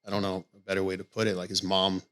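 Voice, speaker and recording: A man's voice: low-pitched, flat delivery, quick pace, a bit bright, smooth. A man who coaches boxing, telling stories candidly in a casual podcast conversation and swearing often. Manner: candid storytelling with frequent swearing.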